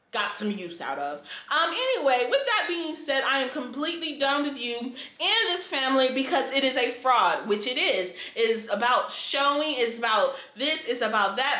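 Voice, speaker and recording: A young woman with a high, bright voice tells a hurtful family story straight into her phone. She vents in repeated, frustrated bursts and breaks into laughter along the way. The room around her sounds echoey. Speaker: vlogger. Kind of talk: emotional personal storytime vlog. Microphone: phone camera.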